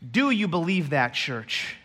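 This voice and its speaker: A man preaching a sermon to a church congregation, emphatic and building to loud climaxes. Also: fairly high pitch, very animated, measured pace. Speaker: pastor. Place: church stage.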